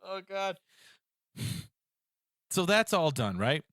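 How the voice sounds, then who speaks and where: A man tells a long, fired-up story on a casual podcast, acting out the other side of each phone call as he goes. His voice sits a bit high for a man and is recorded close with no room sound at all. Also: slow pace, dry recording. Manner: animated ranting storyteller, acts out phone calls. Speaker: podcast co-host. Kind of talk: casual chat.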